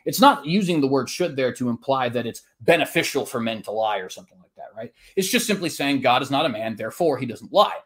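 A man's voice: medium pitch, expressive, quick pace, hardly any pauses, a bit bright, slightly rough. Earnest man arguing a formal debate. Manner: earnest, argumentative, quotes scripture at length; frequent tag questions and "uh" restarts.

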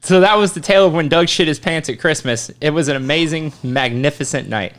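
Podcast co-host: man, slightly higher voice, dry and teasing. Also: brisk, fairly bright tone, faint music behind. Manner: teasing, dry, swears casually. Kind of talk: casual storytelling banter.

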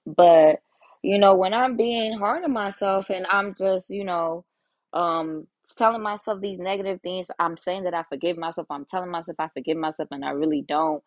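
A woman's voice: on the low side, moderate pace, dry recording, lo-fi sound. A young woman hosting a solo podcast, talking frankly and casually with lots of cursing, often acting out her own inner voice. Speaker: podcast host.

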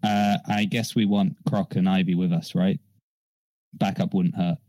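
A man playing a tabletop game, talking through plans in a relaxed, joking way. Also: low-pitched, measured pace, dry recording, low-quality recording. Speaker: player. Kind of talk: casual tabletop chat.

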